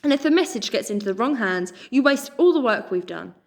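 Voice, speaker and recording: A gruff, battle-scarred male rat soldier speaks sternly and urgently, pressing his point, as a woman reading a storybook puts him on. He sounds like a hardened storybook fighter who expects to be obeyed. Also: a little high, animated, brisk, voice pushed up.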